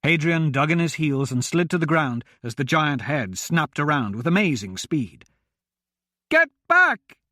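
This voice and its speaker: A man narrating a fantasy audiobook in a measured, expressive reading. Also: fairly high pitch, no echo, clean studio sound.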